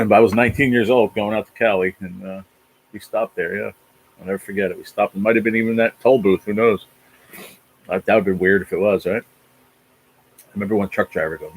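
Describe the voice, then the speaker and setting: Husky low-voiced man in his forties. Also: fairly quick, poor audio. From New Jersey. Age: 40s. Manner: rambling, profane, restless. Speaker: livestream host. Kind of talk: casual chat reading viewer comments.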